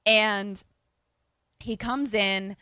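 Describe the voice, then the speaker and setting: A young woman co-hosting a podcast, casually recapping a movie in animated fashion, acting out the characters' lines and swearing freely. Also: medium pitch, drawn-out words, clear, resonant tone, dry recording, studio quality. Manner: animated storytelling with quoted voices, frequent swearing. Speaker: podcast co-host.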